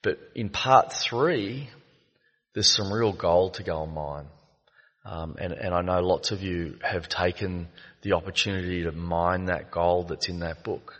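A man giving a reflective personal share at a recovery meeting, telling stories with many halting fillers. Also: deep voice, a bit bright, highs cut off. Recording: long echo of a meeting hall.

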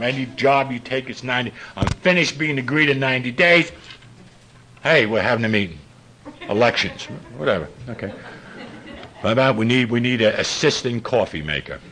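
An older man, telling profane stories to a laughing recovery-meeting audience in a gruff voice. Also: a little hiss or hum. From New York. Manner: gruff and profane, with big swings in pitch and loudness. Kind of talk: storytelling talk to a live audience.

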